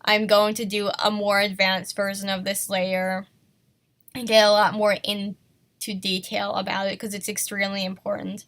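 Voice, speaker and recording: A woman's voice: mid-range voice, flat delivery, normal speed, fairly bright tone. A woman who is sick, teaching an art lesson in a casual, self-conscious way and apologizing for herself. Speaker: art tutorial host.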